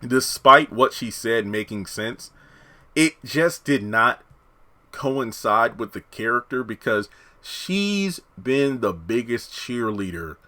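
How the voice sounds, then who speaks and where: A man reviewing a TV episode in a casual, blunt and animated way, retelling the scenes as he goes. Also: mid-range voice, takes it slowly. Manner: animated, acts out characters' lines while retelling; blunt and opinionated.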